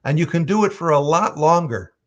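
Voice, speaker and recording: A man's voice: a little high, expressive, fairly quick, dull audio. A man voice actor chatting casually, reading fan questions aloud and telling stories with frequent chuckles. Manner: chuckly, storytelling, reads chat aloud. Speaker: voice actor at a live signing.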